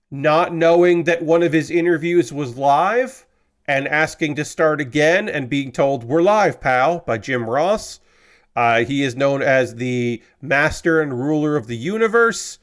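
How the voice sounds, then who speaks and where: A man talks to his stream audience in an easy, unscripted way, stopping often on uh and um as he gathers his thoughts. His voice is clean and resonant and sits a little high for a man. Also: clean tone. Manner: halting, heavy on filler words. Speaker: livestream host. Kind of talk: casual livestream talk.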